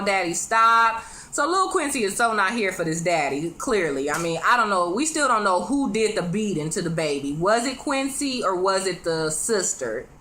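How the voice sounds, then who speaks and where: Bright-voiced woman recapping a TV episode. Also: mid-range voice, a little hiss or hum. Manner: chatty, conversational, acts out quoted lines; talks straight to viewers. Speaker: TV show reviewer. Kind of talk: casual episode recap vlog.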